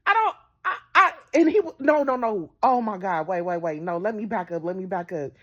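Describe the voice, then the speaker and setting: A woman vlogger telling a dating story to her viewers in a hyper, animated and blunt way. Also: medium pitch, muffled recording. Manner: hyper and animated, talks fast in bursts; assertive, blunt. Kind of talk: casual storytelling to camera.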